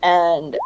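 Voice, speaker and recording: Woman, tabletop player; lower voice, very lively intonation, animated and quick to laugh. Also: slight background noise. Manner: animated, laughing and apologetic, arguing in character. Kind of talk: casual tabletop game play.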